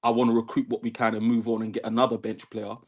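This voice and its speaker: A man calling in to a fan show, talking football in a level-headed, measured way. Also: mid-range voice, completely flat delivery. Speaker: caller. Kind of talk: casual football chat.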